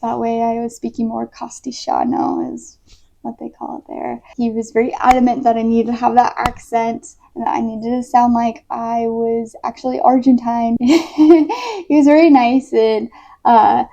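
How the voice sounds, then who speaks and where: A woman's voice: on the high side, steady tone, normal speed, creaky, dark tone, slight background noise. A young woman from the United States, a missionary, telling a story in a casual vlog. She is chatty, uses lots of "like" fillers and laughs easily. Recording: dull lo-fi recording.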